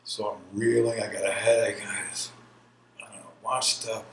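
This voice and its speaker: In an oral history interview, an army veteran in his sixties from New York recounts his life story, rambling and laughing along the way. His voice is lowish, level in tone, and at a normal speed. The recording sounds roomy, with a faint hiss behind it.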